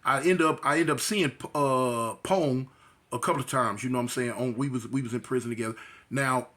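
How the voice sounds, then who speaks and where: A Californian man with a mid-range voice speaks fairly quickly as he recounts his time in jail. He tells it casually with lots of slang, animatedly acting out voices, quotes and sound effects.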